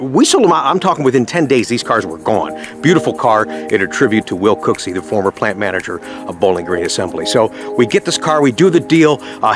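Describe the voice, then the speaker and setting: Middle-aged male vlog host, chatty salesman recorded outdoors, faint music bed under the voice. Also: medium pitch. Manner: chatty storyteller, acts out callers' voices. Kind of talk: casual vlog talk to viewers. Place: outdoors at a dealership lot.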